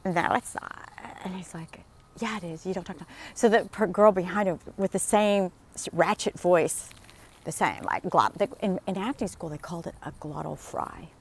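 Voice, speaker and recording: A woman in her sixties vlogs on her phone camera while walking in the desert, chatting casually and telling rambling stories in which she acts out the people she quotes. Her voice is on the low side at a normal speed, with slight background noise.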